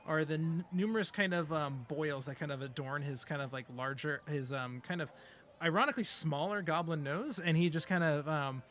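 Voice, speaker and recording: A man's voice: fairly high pitch, normal speed, a bit bright, slight background noise. A man narrating as game master of a tabletop game, hesitant and full of fillers.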